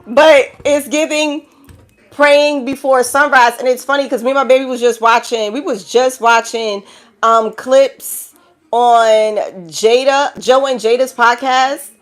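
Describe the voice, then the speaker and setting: A woman's voice: high-pitched, steady tone, unhurried. A woman with a New York accent giving a collective tarot reading, blunt and profane, preaching to viewers and calling them child and baby. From the Bronx, New York. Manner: blunt and profane, laughing through the talk. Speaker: tarot reader.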